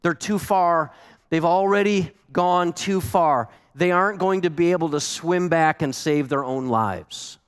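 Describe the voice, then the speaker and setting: A male pastor preaching a sermon, earnest and animated, repeating words for emphasis. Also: on the high side, a little slow, clear, resonant tone, big-room sound. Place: church sanctuary.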